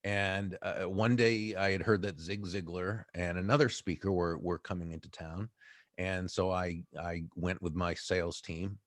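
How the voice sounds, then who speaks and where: A man's voice: low voice, unhurried, no echo, studio quality. A middle-aged man from the Boston area with a faint Boston accent, an author telling stories as an interview guest and laughing often. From Boston area, USA. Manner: animated storyteller who laughs often. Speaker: author and sales speaker, guest. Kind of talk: casual interview storytelling.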